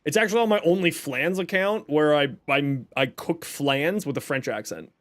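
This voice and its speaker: Speaking at a moderate pace in a fairly high pitch, a young man hosts a casual live stream of a game. He's chatty and jokey with viewers, reading chat aloud and explaining his build.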